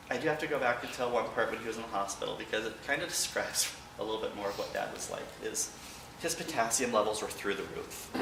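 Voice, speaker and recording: A man giving an emotional personal remembrance of his late father to a church congregation, halting at times but with wry humor. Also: fairly low pitch, recorded from a distance, background noise. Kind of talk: personal storytelling speech. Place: large church hall. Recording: echoey hall, picked up from afar.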